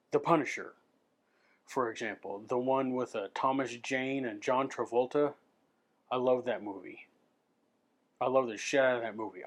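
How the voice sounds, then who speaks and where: A man ranting to his camera in an unscripted vlog, swearing freely and stumbling over repeated words as he restarts his sentences. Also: medium pitch. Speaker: vlogger.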